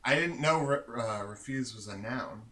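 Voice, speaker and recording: A man's voice: mid-range voice, normal speed, pushed and bright, rough recording. A young man casually commenting on his own game playthrough, self-mocking and swearing. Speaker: gaming host.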